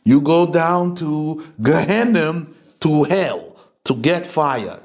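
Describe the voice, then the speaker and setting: A man preaches to a religious class, lecturing and confronting his listeners head-on. He speaks slowly and deliberately, and his voice sits a little high for a man. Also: lively intonation.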